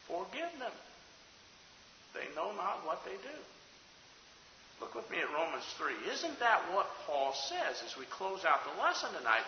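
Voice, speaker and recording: A man preaching a sermon to his congregation, his delivery swinging between loud emphatic peaks and hushed low passages. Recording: echoey hall, dull sound.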